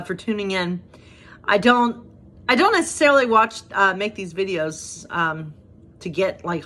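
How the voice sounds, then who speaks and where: A woman's voice: mid-range voice, a bit bright. Chatty woman pastor reading bedtime stories. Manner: chatty, rambling asides. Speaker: pastor, storyteller.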